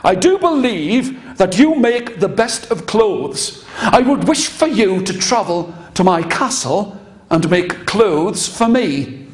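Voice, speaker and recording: A man voicing a stately king's formal letter, slow and grand. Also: high-pitched, sing-song, full character voice. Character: stately male king writing a formal letter. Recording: echoey live room with crowd noise.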